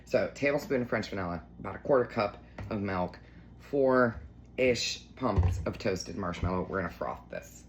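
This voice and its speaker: A woman's voice: lively intonation, moderate pace. Woman, bubbly home vlog, gushing, chatty, faint background noise. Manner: bubbly, gushing, baby-talks to her cat in a high voice. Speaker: lifestyle vlogger. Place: home kitchen and living room.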